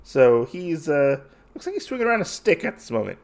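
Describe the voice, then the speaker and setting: Casual male host, animated pitch, loose filler-heavy storytelling. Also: fairly quick, gravelly. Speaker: podcast host. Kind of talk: casual comic recap.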